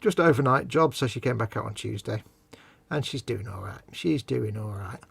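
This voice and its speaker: A man's voice: medium pitch, lively intonation, moderate pace, creaky, a bit bright, husky. A man co-hosting a live model-building stream, joking and teasing, explaining things at length. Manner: jokey, teasing, rambling explanations. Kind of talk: casual chat.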